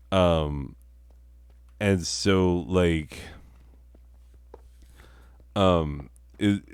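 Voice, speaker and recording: Slow, low-voiced stoned man rambling. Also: darkish tone, smooth, no echo. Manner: rambling, profane, full of fillers. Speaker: comedy storyteller and gamer. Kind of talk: rambling casual storytelling while gaming.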